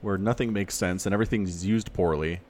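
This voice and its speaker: A man co-hosting a podcast, in casual, animated chat with sarcastic asides. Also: sits low, brisk. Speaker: podcast co-host.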